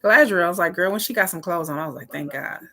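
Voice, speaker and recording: A woman's voice: on the low side, racing, bright, forceful tone. A woman chatting casually on a home livestream, reacting and often acting out other people's lines. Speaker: live watch party streamer. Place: home, indoors.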